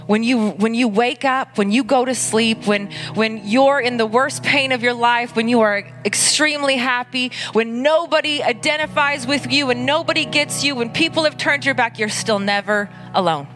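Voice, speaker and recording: A woman pastor preaching an earnest, conversational sermon at a church service, with dramatic pauses. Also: a little high, a bit bright, faint music behind.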